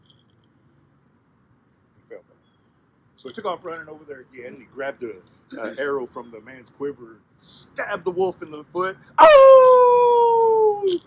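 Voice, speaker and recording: Animated male storyteller. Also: medium pitch, normal speed, long pauses, highs cut off, heavy background noise. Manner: conversational, animated, asides to listeners. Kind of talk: oral storytelling.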